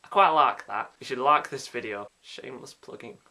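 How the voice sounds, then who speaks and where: A man's voice: medium pitch, moderate pace, sharp tone. A young man in his late teens from Yorkshire with a mild Yorkshire accent, chatting in a casual, self-mocking vlog. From Yorkshire, England. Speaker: vlogger.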